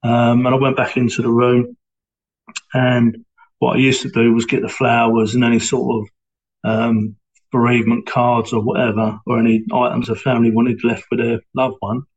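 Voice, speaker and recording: A middle-aged man recalls his time as a police sergeant. He speaks haltingly, with many fillers and restarts. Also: medium pitch, little pitch movement, lo-fi sound. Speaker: interviewee, former police sergeant. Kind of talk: reflective personal account.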